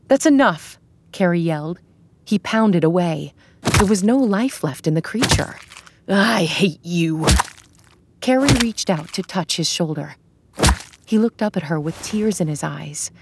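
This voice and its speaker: A woman narrating an audio drama in a steady storytelling manner. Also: fairly low pitch, heavy background noise. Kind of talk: scripted narration.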